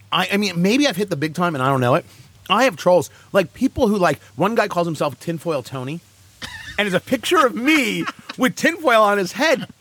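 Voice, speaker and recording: Animated sarcastic male talk host. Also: high voice. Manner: animated, sarcastic, quick asides. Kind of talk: casual banter.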